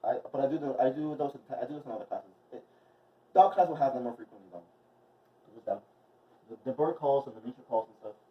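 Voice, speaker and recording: Speaking fast in a mid-range voice, a man teaches a movement class for a casual instructional vlog. He is a chatty wellness instructor who rambles and fills his speech with fillers, picked up by a dull, distant mic.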